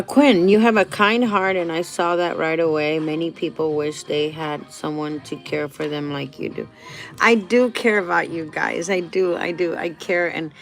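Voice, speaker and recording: A woman's voice: fairly low pitch, low-quality recording. A middle-aged woman talking candidly and emotionally to her viewers, answering their questions in a rambling way. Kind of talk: casual heartfelt talk to viewers.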